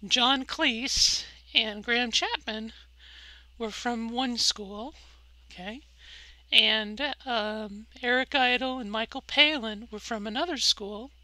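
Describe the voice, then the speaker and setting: A middle-aged woman talks candidly to her camera, rambling a bit with fillers and restarts. Her voice sits a touch high and sounds bright. The recording is close and dry, with no room sound. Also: no room sound, low-quality recording. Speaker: vlogger. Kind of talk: candid personal vlog.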